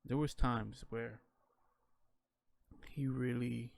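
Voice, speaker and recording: A man's voice: mid-range voice, fairly even intonation, drawn-out words, creaky. A man telling his own story in a candid, reflective way, casual and full of "you know" and "man" fillers.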